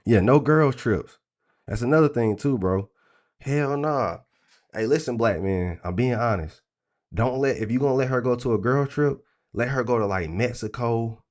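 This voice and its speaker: A man hosting a livestream, talking in a blunt, crude, animated rant full of profanity. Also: medium pitch. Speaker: trading stream host.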